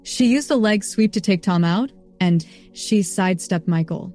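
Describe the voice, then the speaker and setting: A woman narrating a story in an even, steady reading voice. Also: medium pitch, moderate pace, faint music behind. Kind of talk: scripted narration.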